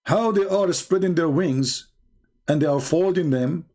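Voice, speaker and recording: Man, live-stream debate host, higher-pitched voice, mocking rhetorical questioner. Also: unhurried, dark tone.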